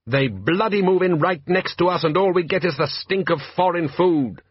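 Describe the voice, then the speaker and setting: A man's voice: high voice, moderate pace, slightly rough, no room sound, muffled recording, voice pushed up. A man playing an indignant, blustering fisherman father.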